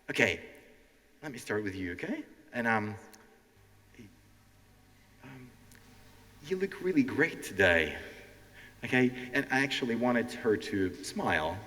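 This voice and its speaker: Brief: man, bright animated stage teacher, echoing hall, faint music. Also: medium pitch. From Ukraine. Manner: animated, keeps asking "okay?", acts out quotes. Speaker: language teacher hosting a stage show. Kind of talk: interactive stand-up lesson. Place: stage in a hall before a live audience.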